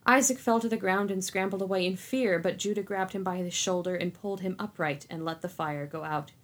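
A woman narrating a dark fantasy story in a calm, even reading. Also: mid-range voice, brisk.

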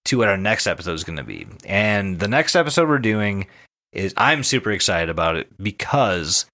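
A man co-hosting a podcast in casual chat, excitable and swearing freely. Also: on the low side. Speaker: podcast co-host.

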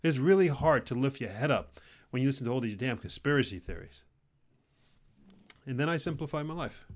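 A man giving an intense motivational talk, repeating phrases for emphasis and swinging between loud urging and quiet, low intensity. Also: lively intonation, a little fast. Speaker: career motivational speaker.

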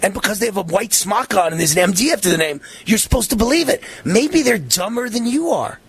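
A man hosting a talk show, giving excitable and passionate political commentary in a ranting manner. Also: high-pitched, a little fast, breathy edge.

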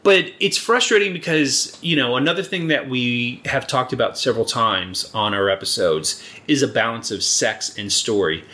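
A man co-hosting a casual podcast at an ordinary pitch. He rambles through his points, swears often and slips into playful mock quotes. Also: moderate pace, hardly any pauses, pushed and bright. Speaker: podcast co-host. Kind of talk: casual chat.

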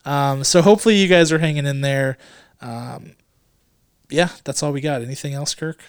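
A man co-hosting a podcast in casual chat, joking and rambling, sometimes dropping into quick low mutters. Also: a little hiss or hum. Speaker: podcast co-host.

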